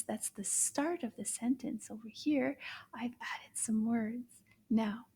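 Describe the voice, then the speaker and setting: A woman teaching French to young children, slow and encouraging, praising often. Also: a little high, warm tone, husky. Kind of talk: children's language lesson.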